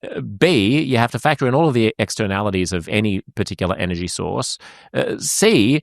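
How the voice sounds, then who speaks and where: A man's voice: on the low side, lively intonation, brisk, vocal fry, no echo, clean studio sound. A male host giving analytical commentary, methodically laying out his points one by one.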